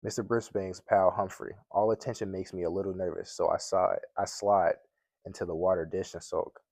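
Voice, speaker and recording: A man with a very low voice reads a children's chapter book aloud, plain and unhurried, now and then stumbling and restarting a word. The sound is dry and close, with no room echo. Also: little pitch movement, creaky, darkish tone. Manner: plain reading with occasional slips and restarts. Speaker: mystery guest reader.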